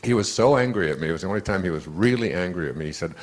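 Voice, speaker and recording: Older male author-speaker, low register, loose anecdotal delivery for a motivational talk. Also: animated, racing, hardly any pauses. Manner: anecdotal, rambling storyteller with many restarts. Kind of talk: motivational talk to a live audience.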